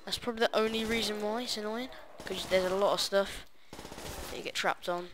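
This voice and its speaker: A man's voice: sits high, fairly even intonation, brisk, noisy background. A young man giving rambling, casual gaming commentary full of fillers and asides. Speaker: gaming YouTuber.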